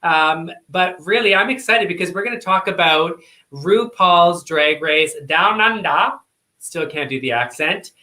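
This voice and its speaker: Sassy live-stream co-host, bubbly and camp, bright voice. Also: male voice, fairly high pitch, measured pace, echoey room. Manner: bubbly, sassy, party mood. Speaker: co-host of a drag review show. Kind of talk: casual live-stream chat.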